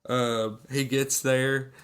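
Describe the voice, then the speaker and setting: A man's voice: medium pitch, level tone, slow pace, fairly bright tone. A man co-hosting a podcast, casually retelling movie scenes and acting out the quotes. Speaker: podcast co-host. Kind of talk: casual movie recap chat.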